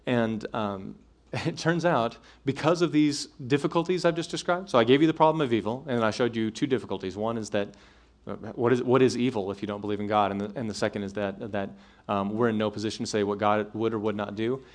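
A man's voice: lowish voice, fairly quick. A man giving a conversational talk to college students, with many fillers and restarts, checking in with his listeners. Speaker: speaker addressing college students. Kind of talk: apologetics talk to a live audience.

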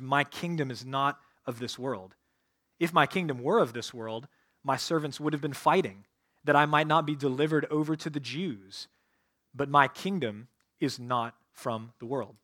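A man as a pastor preaching a sermon, retelling scripture with lively, conversational asides. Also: mid-range voice.

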